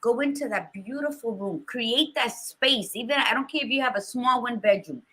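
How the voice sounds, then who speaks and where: A woman's voice: a little high, normal speed, sharp tone, slightly rough. A woman co-hosting a podcast, giving blunt, profane motivational talk in a casual chat. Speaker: podcast co-host.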